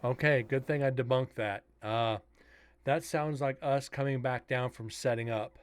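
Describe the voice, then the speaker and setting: A man's voice: mid-range voice, fairly even intonation, measured pace, clean tone. A man casually commenting on a live stream as he edits and reviews audio clips, thinking aloud and chatting with viewers.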